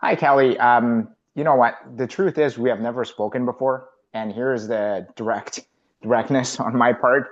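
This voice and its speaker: A man's voice: medium pitch, fairly even intonation, normal speed. Earnest man on a dull lo-fi line. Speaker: trainee agent. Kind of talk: sales call role-play. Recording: dull lo-fi call audio.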